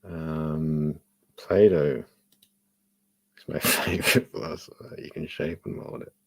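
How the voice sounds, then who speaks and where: A man's voice: extremely low pitch, steady tone, takes it slowly. A man in casual chat, thoughtful and meandering, reading out viewer chat. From Australia. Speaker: podcast co-host.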